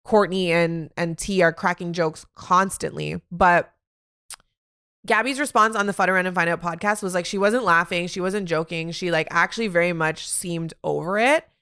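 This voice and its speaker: A woman hosting a solo sports podcast, talking in an animated, opinionated way with quick asides. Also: lowish voice, smooth. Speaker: podcast host.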